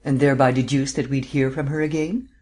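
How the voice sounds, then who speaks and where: A man's voice: mid-range voice, level tone, brisk, darkish tone, close to an everyday voice. Audiobook: male narrator as a brusque, doubting lawyer who snaps impatiently. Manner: impatient and curt. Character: brusque skeptical male district attorney. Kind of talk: audiobook character reading.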